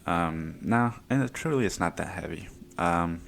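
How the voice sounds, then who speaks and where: A man's voice: low-pitched, expressive, unhurried, gravelly, fairly bright tone, slight background noise. A young man hosting his own podcast, talking through personal stories in a casual, rambling way with plenty of swearing. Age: young adult. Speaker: podcast host.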